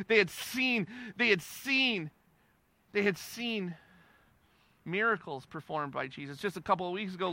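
A male pastor delivering a sermon in a conversational, emphatic way, repeating phrases for stress and swinging between quiet and loud. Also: high voice, gravelly, dry recording.

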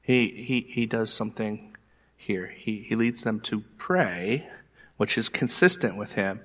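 A man preaching a sermon as pastor, animated and emphatic, repeating his points for weight. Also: fairly low pitch, measured pace.

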